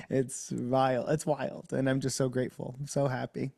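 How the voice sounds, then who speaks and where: A man from New Jersey speaks as a guest in a relaxed podcast conversation. He is exuberant and theatrical, and his voice leaps upward whenever he gets excited. His pitch sits in a middle range for a man. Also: measured pace, vocal fry, husky. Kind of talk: casual interview chat.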